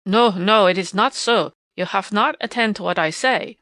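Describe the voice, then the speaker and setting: A woman's voice: medium pitch, sing-song. A woman voicing a kindly, stout German professor with a big, emphatic voice, read from a storybook. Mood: exasperated. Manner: emphatic, loud and brisk.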